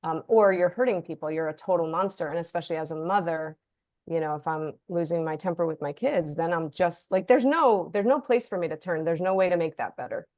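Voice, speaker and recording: A woman's voice: on the low side, a little fast, darkish tone, dry recording. A woman author in a casual discussion, talking in a chatty way, often saying "like" and briefly acting out the voices she quotes. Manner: chatty, leans on "like", acts out quoted inner voices. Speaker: author and guest.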